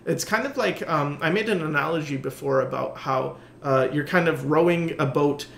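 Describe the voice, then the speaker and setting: A slightly higher-voiced man hosts a relaxed podcast chat. He muses out loud, wanders off his point, and fills the gaps with ums and uhs. His voice rings with a noticeable roomy echo. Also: moderate pace, gravelly, a little hiss or hum. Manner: rambling, musing with many fillers. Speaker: podcast host. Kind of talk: casual conversation.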